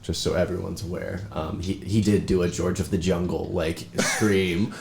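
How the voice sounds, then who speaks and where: Low-voiced man rambling at a game table. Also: steady tone, moderate pace, vocal fry, a little mellow, echoey room, slight background noise. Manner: rambling, hesitant, swearing and laughing. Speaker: player. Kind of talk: casual tabletop play.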